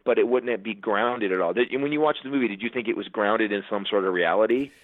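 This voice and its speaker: A man's voice: lowish voice, fast, no echo, phone-quality sound. A man in a casual interview, telling stories and acting out the voices of the people in them. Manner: animated storyteller, acts out quotes. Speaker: guest comedian.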